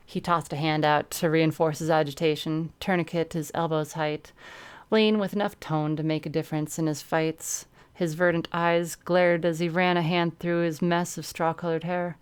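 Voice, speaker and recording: A woman's voice: sits low, flat delivery, normal speed, smooth. A woman streamer reading a first-person story aloud, breaking off now and then to comment.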